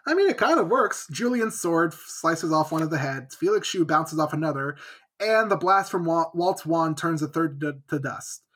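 A man's voice: on the high side, lively intonation, moderate pace, a bit bright. A man co-hosting a podcast, recapping a book in casual chat and jokingly acting out the characters' lines. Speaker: podcast co-host.

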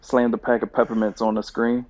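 A man's voice: mid-range voice, little pitch movement, brisk, a little mellow. A man co-hosting a casual podcast, rambling and swearing freely as he chats. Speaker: podcast co-host. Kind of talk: casual chat. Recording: dull lo-fi sound.

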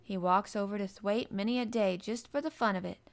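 A woman's voice: mid-range voice, fairly quick, vocal fry, natural voice. A woman voicing a blunt, cheerful young housemaid with a broad Yorkshire accent, talking in hearty dialect.

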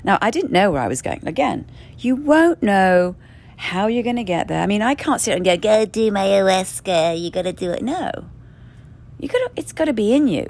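Animated, blunt-talking woman. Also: mid-range voice. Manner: blunt, profane, emphatic, laughs often. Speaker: speaker sharing spiritual experience. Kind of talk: candid monologue. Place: indoors in a rented lodging.

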